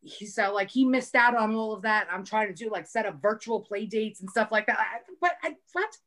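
A woman in her thirties with a New York accent, chatting as a guest on a podcast. She is blunt and jokey and swears freely, with a mid-pitched voice. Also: brisk, fairly bright tone. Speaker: guest author. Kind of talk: casual podcast chat.

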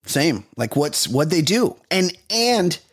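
A man's voice: fairly high pitch, big pitch swings, takes it slowly, slightly rough, no echo, studio quality. A man co-hosting a comedy podcast, telling rambling, profane stories full of restarts in casual chat. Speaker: podcast co-host.

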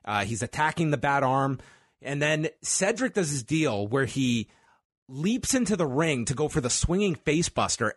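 A man's voice: fairly high pitch, no room sound, clean studio sound. A man co-hosting a casual podcast, recapping a match move by move with wry asides. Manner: play-by-play recapping with laughs and asides. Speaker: wrestling podcast co-host.

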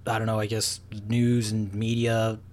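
A man's voice: on the low side, completely flat delivery, measured pace, darkish tone. A man casually recapping a film's plot in a rambling way, full of fillers and restarts. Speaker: podcast co-host recapping a film. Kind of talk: casual chat.

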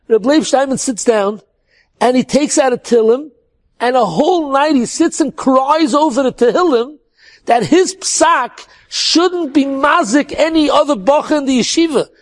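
High-voiced man telling an earnest story. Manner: earnest, sprinkled with Hebrew and Yiddish words.

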